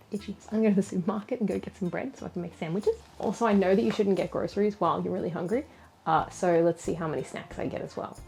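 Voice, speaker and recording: A woman's voice: mid-range voice, darkish tone. An Australian woman chatting casually to camera in a vlog from her home jewellery studio, rambling and self-deprecating. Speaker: jewellery maker and vlogger.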